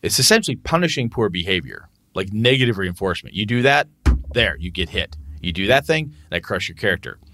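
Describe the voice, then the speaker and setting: Co-hosting a casual tabletop gaming podcast as game master, a man with a fairly low voice talks a little fast. He's animated and swears freely, acting out what he tells his players.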